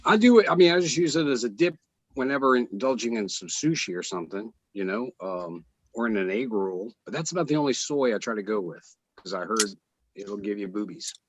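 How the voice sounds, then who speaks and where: A man chatting casually, joking and bantering as he goes. His pitch rises and falls a lot, and the recording is dry and close. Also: expressive, brisk, husky, no echo, low-quality recording. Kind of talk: casual chat.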